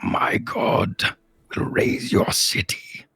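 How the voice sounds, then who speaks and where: A man voicing a huge menacing male demon in a low hissing whisper. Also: drawn-out words, bright, forceful tone, no echo.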